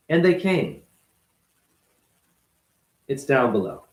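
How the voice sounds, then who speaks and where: A man with a high-pitched voice holds forth in a blunt, profane, emphatic monologue. He sounds like he is recording himself at home, his voice bouncing around a roomy, echoey apartment. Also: expressive, moderate pace, pauses often. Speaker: vlogger, former ballet dancer. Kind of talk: unscripted monologue rant.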